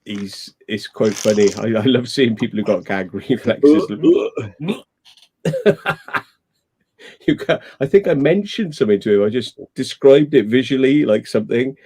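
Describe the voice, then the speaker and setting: Ranting man with a mellow voice. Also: medium pitch, lively intonation, measured pace, long pauses, husky. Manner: ranting, swears freely. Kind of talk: casual chat on a live stream.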